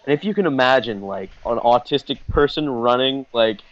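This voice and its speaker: A man rambles through a story on a podcast, cursing freely and leaning on fillers. His voice sits at an ordinary pitch. The audio is dull and lo-fi. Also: lively intonation, normal speed, no room sound. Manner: rambling, profane, full of fillers. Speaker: podcast host. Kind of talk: casual comedic storytelling.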